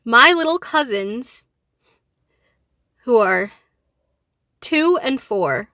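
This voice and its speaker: Young woman vlogger, bright tense voice, dry close sound, grieving and furious, near tears. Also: on the high side, lively intonation, extremely slow, no room sound. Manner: grieving and enraged, voice rising and falling. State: on the verge of tears. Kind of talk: emotional direct-to-camera talk.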